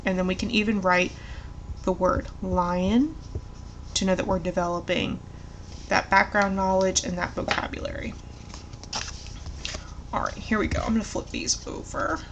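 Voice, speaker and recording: A woman tutor explaining a literacy lesson in an encouraging way, asking leading questions and modeling words slowly. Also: medium pitch, steady tone, background noise. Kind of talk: instructional tutorial.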